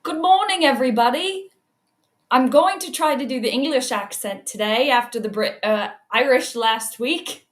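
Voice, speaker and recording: A woman hosts a casual livestream in a room with noticeable echo, greeting viewers by name and laughing often between remarks. Her voice is high-pitched and her pace normal.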